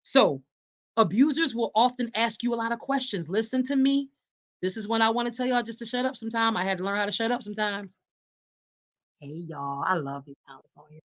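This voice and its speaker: A woman's voice: a little high, fairly quick. Woman, live podcast host, emphatic, preacher-like delivery, talks straight to her audience. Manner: emphatic and preacherly, addressing listeners as y'all and reading live comments. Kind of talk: live-streamed advocacy talk.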